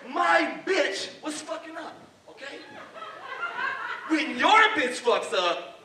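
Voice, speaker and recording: A comedian doing a belligerent, shouting scrawny man who is squaring up in a parking lot. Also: very high voice, big pitch swings, slow, noisy background, voice pushed up, heavily acted. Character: aggressive scrawny male parking-lot brawler. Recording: echoey club, distant mic.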